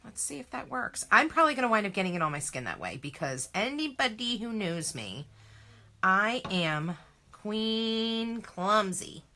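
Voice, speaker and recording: A woman's voice: mid-range voice, wildly swooping pitch, fast talker, hardly any pauses, pushed and bright. A woman chatting through a home craft demo, chatty and self-deprecating, often exclaiming. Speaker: craft vlogger.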